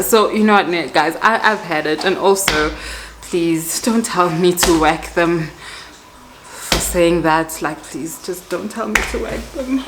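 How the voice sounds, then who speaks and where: A woman, chatting to camera as a vlogger and mother in her kitchen, animated and laughing as she talks. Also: fairly low pitch, a little slow, background noise. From South Africa. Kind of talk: casual chat to camera. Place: home kitchen.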